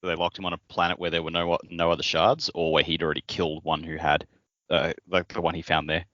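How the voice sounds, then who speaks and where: A man's voice: low-pitched, little pitch movement, quick pace, fairly bright tone, dry recording. A man co-hosting a casual book podcast, dropping dry, wry asides. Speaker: podcast co-host. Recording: dry, muffled lo-fi audio.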